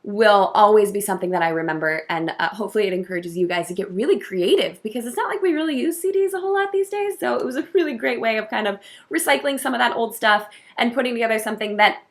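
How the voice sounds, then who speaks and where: A woman who works as a wedding coordinator, talking to camera in a casual vlog, effusive and heartfelt with soft laughs. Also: on the high side, expressive, fast talker.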